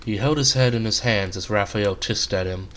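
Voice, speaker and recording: A man reading aloud his own short story, in a relaxed, conversational storytelling manner. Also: fairly low pitch, normal speed, a little hiss or hum.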